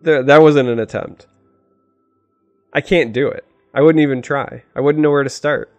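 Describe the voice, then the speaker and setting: A man's voice: medium pitch, fairly even intonation, moderate pace, a little mellow, soft background music. A man co-hosting a casual podcast, teasing his guests with dry humor. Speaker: podcast co-host.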